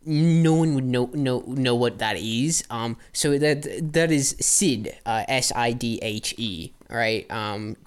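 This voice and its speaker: A tabletop role-playing player talks haltingly, stammering and repeating words as they go. The delivery keeps restarting mid-sentence. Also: medium pitch, clear, resonant tone. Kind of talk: tabletop role-play chat.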